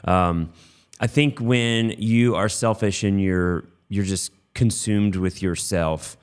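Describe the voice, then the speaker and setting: A man co-hosting a Christian marriage talk, speaking in a halting way with restarts and short agreements. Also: on the low side, fairly even intonation, smooth. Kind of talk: casual faith-based chat.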